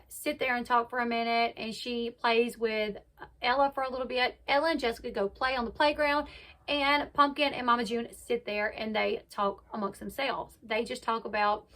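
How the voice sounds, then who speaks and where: A woman's voice: on the high side, bright, forceful tone. A woman casually retelling a reality show episode, acting out the quotes as she goes. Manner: chatty retelling, acts out quotes. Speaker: reality TV recap host. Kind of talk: casual recap narration.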